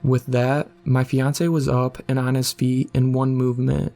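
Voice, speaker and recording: Flat-voiced man narrating a horror story. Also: medium pitch, a little slow, gravelly. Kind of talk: scripted narration.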